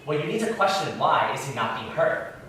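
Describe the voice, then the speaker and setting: A man teaches a church class, firing questions at the group in an animated, up-and-down voice. He sits well back from the mic, and the room rings with heavy echo over a faint hiss. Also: fairly high pitch, a little fast. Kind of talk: interactive Bible teaching. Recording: very echoey room, far from mic.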